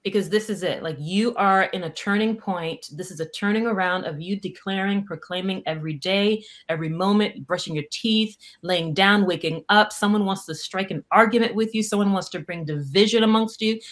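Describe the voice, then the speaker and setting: A woman hosting a livestream devotional, animated, greeting viewers by name and laughing often, a Haitian Creole speaker. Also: mid-range voice, brisk, hardly any pauses. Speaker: prayer livestream host.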